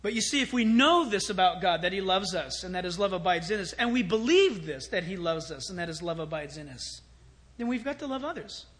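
A man preaching a sermon as pastor, animated, swinging from loud exclamations to hushed storytelling. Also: high voice, a little fast.

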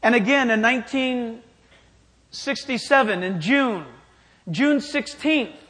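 A man's voice: very high voice, slow, bright, forceful tone. A man preaching a sermon in an emphatic style, challenging his listeners directly. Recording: long hall reverb.

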